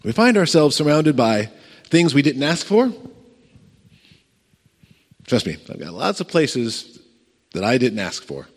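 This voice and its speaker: Animated man preaching in an echoing hall. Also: mid-range voice, a little slow, pauses often, breathy edge. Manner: animated storytelling, acts out voices, chuckles, asks the crowd questions. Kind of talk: sermon. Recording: long reverb of a large hall.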